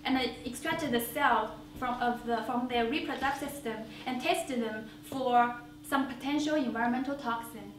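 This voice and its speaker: A high-voiced woman tells her own story in a one-woman stage monologue, earnest and reflective. Her voice fills a roomy theater and is picked up from a distance, with faint hiss underneath. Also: normal speed, hardly any pauses. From China. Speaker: solo stage performer. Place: small theater stage before an audience.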